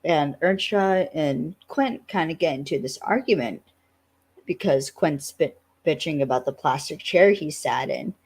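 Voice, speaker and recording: A woman co-hosting a podcast, casually recapping an episode with lively acted-out quotes and frequent laughs. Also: sits low, measured pace, husky. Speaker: podcast co-host.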